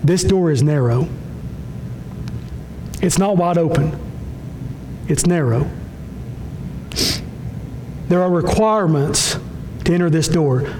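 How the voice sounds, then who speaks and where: A pastor preaching a sermon with impassioned, repetitive phrasing that swings between soft low lines and raised high ones. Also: male voice, slow, pauses often, slight background noise, poor audio. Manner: impassioned, repetitive preaching with sudden drops and rises in pitch.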